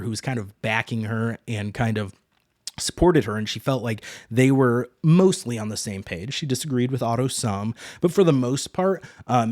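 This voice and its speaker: A man's voice: medium pitch, a little mellow, dry recording, clean studio sound. A man hosting a podcast, recapping an episode in a casual, rambling way with many fillers. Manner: rambling, heavy on fillers and hedges. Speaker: podcast host.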